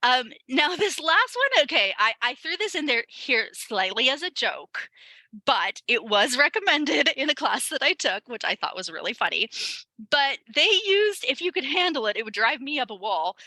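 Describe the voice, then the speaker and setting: A woman's voice: high voice, big pitch swings, moderate pace, pushed and bright, no echo, low-quality recording. A woman teacher presenting an online training webinar for other teachers, chatty and upbeat, with many ums and light laughs. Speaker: ESL teacher leading a teacher webinar.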